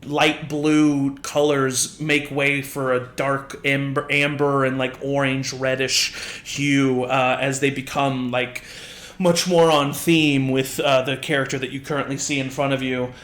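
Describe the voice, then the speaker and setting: A man's voice: medium pitch, level tone, a little slow, a bit bright. A man narrating a tabletop game as game master, casual and often laughing. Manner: casual, laughing, many fillers. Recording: roomy echo.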